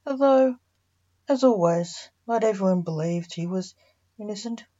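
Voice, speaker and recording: A woman reading a fantasy story aloud, voicing all the characters in a mostly even narrating voice. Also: medium pitch, measured pace. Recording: muffled lo-fi recording.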